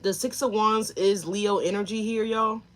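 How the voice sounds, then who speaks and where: A woman's voice: medium pitch, fairly even intonation, moderate pace, a bit bright. A woman giving a live tarot reading, talking straight to her viewers and chat, emotional and tearful at times. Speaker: tarot reader.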